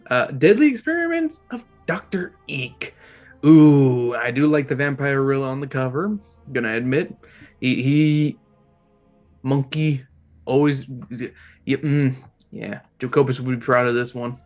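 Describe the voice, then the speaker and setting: A man's voice: mid-range voice, big pitch swings, measured pace, soft background music. A man giving a casual, rambling review with frequent restarts and casual swearing, recorded at home in an apartment. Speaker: book club host ranking covers.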